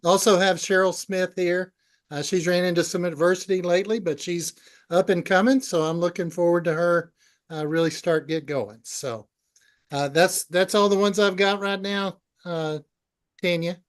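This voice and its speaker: A man's voice: high voice, fairly even intonation, moderate pace. A man introducing his students on a group video call, earnest, with many "uh" fillers. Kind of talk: casual chat.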